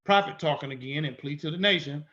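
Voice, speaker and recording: A man's voice: on the high side, fast, pushed and bright, muffled recording. A man teaching in an emphatic way, repeating his points and asking rhetorical questions. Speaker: instructor. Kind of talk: teaching lecture.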